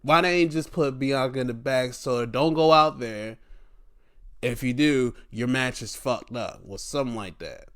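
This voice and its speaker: A man's voice: mid-range voice, unhurried. A man hosting a podcast, casually recapping wrestling matches with lots of sighs and swearing. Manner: animated, swearing, frequent sighs. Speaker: podcast host.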